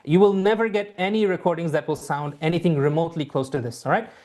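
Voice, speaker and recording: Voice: medium pitch, fast talker, a little mellow. Reassuring IELTS teacher, filler-heavy. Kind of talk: online lesson.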